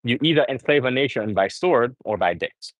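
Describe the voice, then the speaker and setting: A man's voice: mid-range voice, lively intonation, moderate pace, dry recording, rough recording. A young man rambling earnestly to viewers as he livestreams during a gym workout. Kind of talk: casual live-stream chat.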